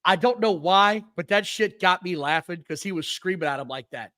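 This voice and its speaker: On a low-quality recording with no echo, a man with a high-pitched voice talks at a moderate pace. He co-hosts an informal wrestling podcast and tells match stories with blunt, profane, high-energy delivery.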